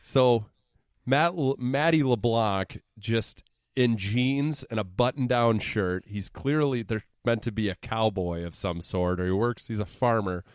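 Young male podcaster, low voice, dry close sound; sarcastic, profane recap delivery. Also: measured pace, clean tone, no echo. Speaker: podcast co-host. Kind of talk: casual podcast movie recap.

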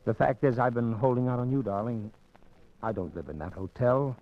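A man's voice: medium pitch, moderate pace, natural voice. A man playing a wealthy, courteous man under suspicion in 1940s radio acting, easygoing with hesitant restarts. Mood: tender. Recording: dull lo-fi old radio recording, faint music.

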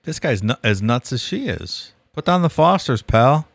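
Gravelly man with wry, swinging delivery. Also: medium pitch, sing-song, normal speed, dry recording. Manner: wry, sarcastic asides. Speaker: podcast co-host. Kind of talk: casual chat.

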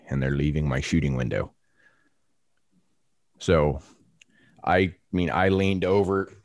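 A man co-hosting a podcast, telling a story in a casual, animated, salty way and acting out voices. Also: low-pitched, dry recording, clean studio sound. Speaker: podcast co-host.

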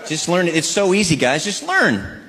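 A man's voice: on the high side, big pitch swings, normal speed, a little hiss or hum. A middle-aged man performing stand-up comedy, animatedly acting out both sides of marital arguments. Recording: live show with loud crowd laughter.

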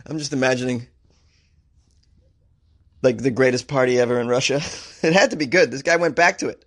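A man's voice: medium pitch, normal speed, long pauses. A man from Massachusetts hosting a comedy show, riffing sarcastically on strange news stories and laughing at his own jokes.

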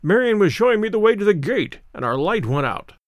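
A man voicing a brisk, cheerfully impatient grandfather in his sixties. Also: high voice, very animated, no room sound, studio quality, pitched above the performer's own voice.

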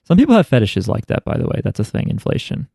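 A man's voice: medium pitch, wildly swooping pitch, fast talker, vocal fry, mellow, slightly rough, no echo, clean studio sound. A young man co-hosting a podcast, telling stories and teasing in casual chat. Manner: joking, teasing storyteller. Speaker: podcast co-host.

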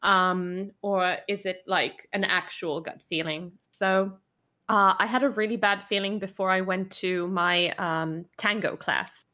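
Bright-voiced woman telling a rambling story. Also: mid-range voice, fairly even intonation, measured pace. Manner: chatty, rambling with many fillers and restarts. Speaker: podcast guest. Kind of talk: casual chat, telling a personal story.

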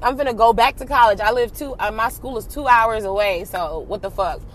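A young adult woman telling a personal story in casual, slangy talk, animated and swearing freely. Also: fairly high pitch, brisk, a little hiss or hum.

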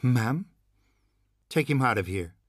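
A curt, cold mother, played by a man reading aloud snaps short, clipped lines in a raised voice. Underneath is a husky male timbre in a dry, close recording. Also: medium pitch, expressive, takes it slowly, no room sound, pitched above the performer's own voice.

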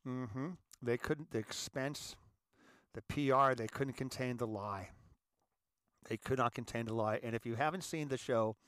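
A man hosting his own show talks straight to his viewers, emphatic and insistent, often stumbling over repeated words before pressing his point. His voice sits in a middle register, and the recording is dry and close, with no room echo. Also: mid-range voice. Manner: emphatic, repeats words, addresses audience as ladies and gentlemen. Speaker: show host. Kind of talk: monologue to viewers.

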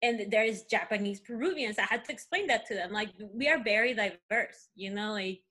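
A woman's voice: medium pitch, fairly quick, bright, forceful tone. A woman from Peru whose first language is Spanish, telling stories as a guest in a casual conversation, full of "you know, like" fillers.

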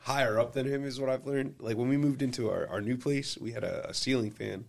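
A man in casual podcast chat, telling crude joking stories in an animated way. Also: mid-range voice, brisk, vocal fry.

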